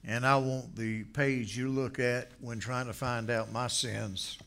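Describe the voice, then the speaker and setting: A man preaching a folksy sermon, telling stories from his childhood and rising now and then into loud exhortation. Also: medium pitch, little pitch movement, a little slow, gravelly. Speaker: pastor. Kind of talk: folksy sermon with personal story.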